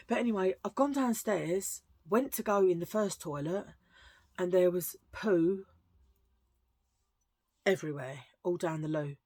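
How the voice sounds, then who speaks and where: A woman's voice: on the low side, darkish tone, husky, dry recording. A middle-aged woman, rambling through a casual vlog chat with lots of asides and self-mocking stories. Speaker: vlogger. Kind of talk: casual chatty haul vlog.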